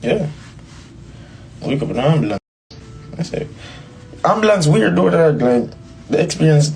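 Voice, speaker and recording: A man's voice: a little high, sing-song, moderate pace, vocal fry, darkish tone, low-quality recording. A young man telling a personal story in a rambling way, repeating bro and dog. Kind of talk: interview clip, personal story.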